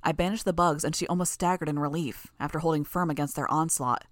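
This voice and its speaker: A woman narrating a first-person audiobook in a steady, even storytelling manner. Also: sits low, fast, dry recording, clean studio sound.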